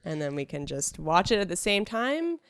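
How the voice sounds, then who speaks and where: A woman's voice: on the low side, big pitch swings, moderate pace, clear, resonant tone, no echo, clean studio sound. A woman co-hosting a podcast in casual chat, teasing at times and earnest when she explains herself. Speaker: podcast co-host.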